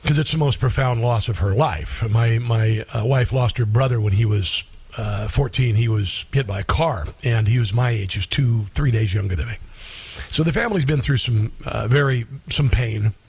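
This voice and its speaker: A middle-aged man hosting a talk radio show, sharing a heartfelt personal story in a halting way, often restarting his sentences. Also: mid-range voice, creaky, a little mellow, breathy edge.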